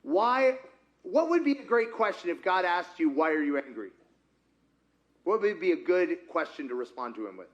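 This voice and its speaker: Man, pastor, high voice, animated interactive sermon, acts out dialogues. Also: normal speed, lo-fi sound. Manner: animated, talks with the congregation, acts out dialogues with God.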